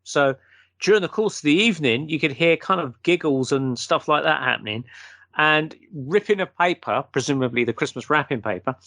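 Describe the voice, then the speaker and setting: A man, a guest, telling a long anecdote in a casual, animated way and acting out the quotes. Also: a little high, moderate pace, dry recording.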